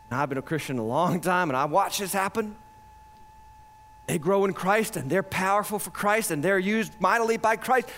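A man preaching a sermon as pastor, emphatic and animated, with bursts of shouting. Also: high-pitched.

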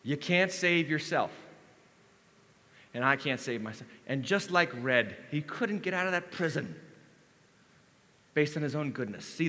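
Animated preaching man in a reverberant church. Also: mid-range voice. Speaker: lead pastor. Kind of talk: sermon.

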